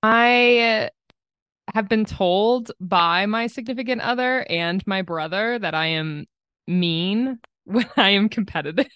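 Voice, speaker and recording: A woman co-hosting a podcast in casual, playful chat, brisk and competitive in tone. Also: mid-range voice, a bit bright, clean tone, no echo, clean studio sound. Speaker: podcast co-host.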